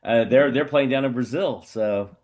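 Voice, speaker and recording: A man's voice: mid-range voice, moderate pace, a little mellow. A man, hosting a podcast and circling through long, restarting questions. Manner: rambling, restarts his questions. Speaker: podcast host. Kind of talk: casual podcast chat.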